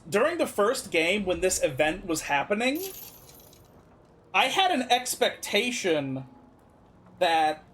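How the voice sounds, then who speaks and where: Casual game streamer with a blunt, profane manner and mid-height pitch that swings widely. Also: fairly bright tone.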